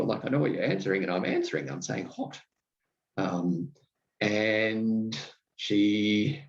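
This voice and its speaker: Deep-voiced man hosting a podcast. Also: darkish tone, dull audio. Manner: halting, lots of ums and restarts; wry, self-deprecating storytelling. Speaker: podcast host. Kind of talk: reflective podcast monologue.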